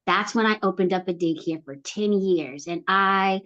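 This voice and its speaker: As a guest in an interview, a middle-aged woman who started a program relates her life story at normal speed, with the high frequencies cut off. She's expressive and acts out quotes with large swings in pitch.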